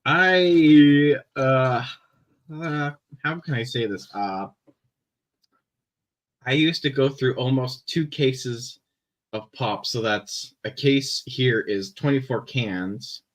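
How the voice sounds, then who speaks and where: A young Canadian man with a mid-range voice and a Canadian accent chats casually on a live stream. He rambles, with lots of fillers and pauses. The recording quality is low.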